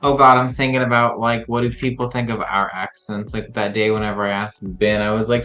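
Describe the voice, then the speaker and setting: A man's voice: lowish voice, fast, few pauses, a bit bright, faint music behind. A man co-hosting a casual tarot livestream, chatty and reading out viewers' names. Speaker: tarot reader co-host.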